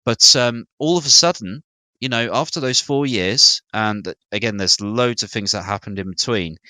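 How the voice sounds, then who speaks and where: A man's voice: lowish voice, moderate pace, sharp tone, no echo. A British man co-hosting a casual gaming podcast, chatty and a little hesitant, telling stories as he talks. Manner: chatty, hesitant with fillers, storytelling. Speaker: podcast co-host. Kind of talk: casual gaming news chat.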